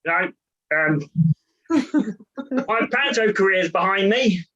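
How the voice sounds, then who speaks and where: A man doing a stand-up comedy set from his own room over a video call, with hesitant one-liners full of ums and pauses. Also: high voice, animated, bright, forceful tone, highs cut off.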